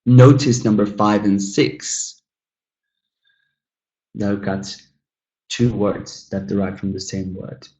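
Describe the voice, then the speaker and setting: A man teaching an online English lesson, modelling words slowly and clearly, encouraging and playful with his students. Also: on the low side, fairly even intonation, warm tone, roomy sound, dull audio.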